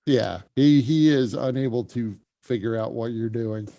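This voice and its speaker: A man's voice: mid-range voice, a little slow, vocal fry, warm tone. A man narrating as game master in a casual, descriptive way, with frequent fillers.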